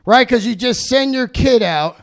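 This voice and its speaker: A man doing a loud, profane stand-up set, ranting. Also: very high voice, animated, normal speed, gravelly. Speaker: stand-up comedian.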